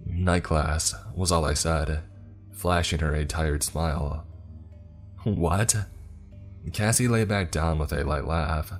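A man narrating a scripted first-person story in a steady, even way. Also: rumbling low, measured pace, soft background music.

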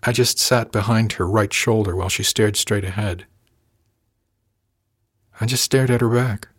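A man with a low voice narrates a first-person tale in an even, wry storytelling manner. The recording is dry and close, with no room around him. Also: unhurried, husky, no echo. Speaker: audiobook narrator.

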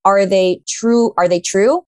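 A woman's voice: medium pitch, a little slow, clean tone, no echo, clean studio sound. A young adult woman hosting a casual chat and reading tarot, enthusiastic. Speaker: podcast host and tarot reader.

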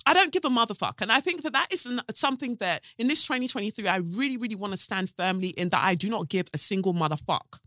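A young woman hosting her own podcast, ranting bluntly and sarcastically, swearing freely and swinging between loud jabs and hushed asides. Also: medium pitch, quick pace, few pauses, no room sound, studio quality. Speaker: podcast host. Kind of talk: animated solo podcast rant.

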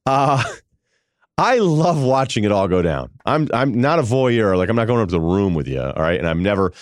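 Low-voiced man rambling with amused laughs. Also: big pitch swings, moderate pace, no room sound, studio quality. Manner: rambling, self-amused storytelling with frequent laughs. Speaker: podcast host. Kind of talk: casual comedic monologue.

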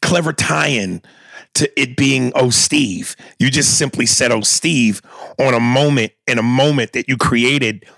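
A man reads listener emails on a podcast, his mid-range voice rough with gravel. He is wry and casual, tripping over phrases and correcting himself as he goes. The sound is dry and close to the mic. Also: mid-range voice, unhurried, a bit bright, dry recording. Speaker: podcast co-host. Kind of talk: casual chat, reading listener emails aloud.

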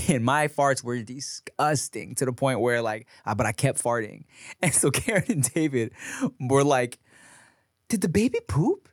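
A man with a mid-pitched voice tells crude stories in a relaxed, joking way on a podcast. The recording is dry and close to the mic. He sounds easygoing and casual. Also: normal speed, no room sound. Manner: laid-back, crude joking. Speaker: podcast co-host. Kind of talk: casual chat.

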